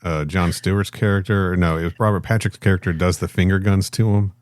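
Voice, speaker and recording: A man co-hosting a podcast, chatting casually, relaxed and agreeable, asking questions. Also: low voice, brisk, no room sound, clean studio sound. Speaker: podcast co-host. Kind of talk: casual chat.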